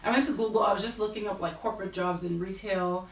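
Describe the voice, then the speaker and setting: A fast-talking woman with a medium-pitched, steady voice shares her career path as a guest; she's a fashion buyer in her thirties with an American accent. Her manner is casual and chatty, full of "like" and "you know," and the recording has a roomy, distant quality.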